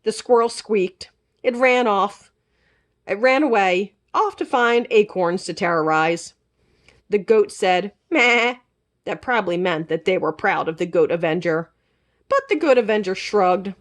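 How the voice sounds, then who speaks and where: A woman librarian reading a children's chapter book aloud in an expressive, animated manner. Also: mid-range voice, unhurried.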